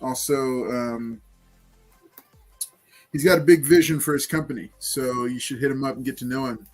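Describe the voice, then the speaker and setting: A man's voice: medium pitch, fairly even intonation, moderate pace, soft background music. A man hosting a casual livestream chat and giveaway, talking loosely with many fillers. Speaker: livestream host running giveaways.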